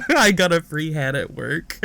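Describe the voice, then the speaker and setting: A man's voice: on the high side, measured pace, vocal fry, dry recording. A young man co-hosting a casual podcast, telling stories with lots of laughs and acting out the people he quotes. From Indiana. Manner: animated storyteller, acts out quoted people, laughs often. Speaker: podcast co-host. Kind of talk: casual chat.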